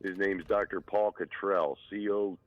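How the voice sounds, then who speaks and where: A man's voice: deep voice, fairly even intonation, measured pace. A tired man calling in to a live stream, hesitant and full of filler words, on a dull, muffled call-in line. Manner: hesitant, lots of uh and um. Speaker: caller.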